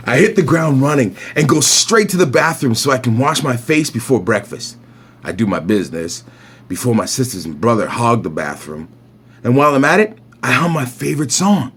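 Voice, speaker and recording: A man's voice: medium pitch, big pitch swings, moderate pace, fairly bright tone, a little hiss or hum. A man with a Caribbean accent reading his own children's picture book aloud, playful and breaking off to comment on the pictures.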